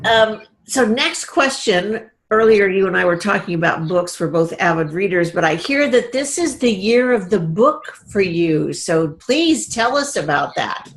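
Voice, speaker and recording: A woman's voice: mid-range voice, expressive, a little slow, hardly any pauses, a little hiss or hum. A woman hosting an interview, summing up her guest's points and thanking her. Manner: warm, affirming listener who sums up. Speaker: interview host. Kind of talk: interview conversation.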